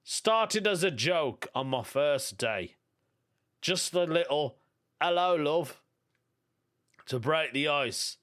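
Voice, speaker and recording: A man's voice: fairly high pitch, animated, takes it slowly, fairly bright tone. A man with a Birmingham accent hosting a comedy podcast, reading listener stories aloud in a casual monologue and chuckling often. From England.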